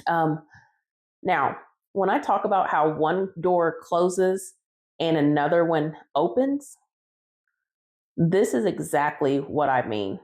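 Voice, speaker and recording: A woman's voice: sits low, lively intonation, slow, long pauses, a little mellow. A woman who bakes cakes, recounting her story casually in a conversational vlog. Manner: casual, conversational, retelling dialogue. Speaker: home cake baker telling her story.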